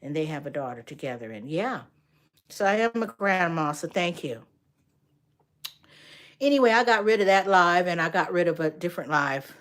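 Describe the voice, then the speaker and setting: A low-pitched older woman, both a grandmother and an art instructor, hosts a casual livestream chat. She speaks to viewers by name and relates stories in a lively way.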